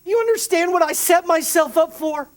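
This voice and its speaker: A man's voice: extremely high pitch, normal speed. Man, middle-aged, pastor, sermon, emotional storyteller, frequent restarts, asides.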